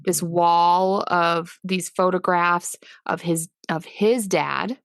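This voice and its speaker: A woman's voice: lowish voice, fairly even intonation, takes it slowly, dry recording, studio quality. A woman co-hosting a podcast, recalling scenes with some hesitation in casual chat. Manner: hesitant, searching for words. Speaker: podcast co-host. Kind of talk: casual movie discussion.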